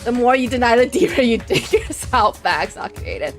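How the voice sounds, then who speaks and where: A woman streams a visual novel, reading the lines aloud in a high voice and chatting dramatically with her viewers. Her delivery is animated, and faint game music plays behind her. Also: moderate pace.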